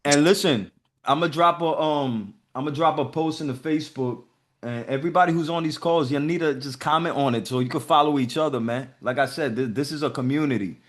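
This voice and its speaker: A man's voice: a little high, brisk. A man hosting a group video call, giving casual motivational talk in a profane, emphatic way.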